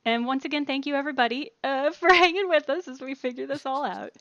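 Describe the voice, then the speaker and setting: A woman's voice: high voice, a bit bright, dry recording, muffled recording. A woman hosting a casual game stream, chatty and upbeat over a headset voice chat. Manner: chatty, upbeat, quick to laugh. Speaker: stream host.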